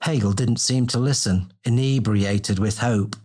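A man narrating a fantasy audiobook in a steady, descriptive storytelling manner. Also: on the low side, a little slow.

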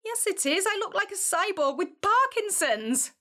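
An actress playing a feisty, flustered young heroine with a false arm in a fantasy audio drama. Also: female voice, very high-pitched, normal speed, exaggerated voice. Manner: flustered, excitable.

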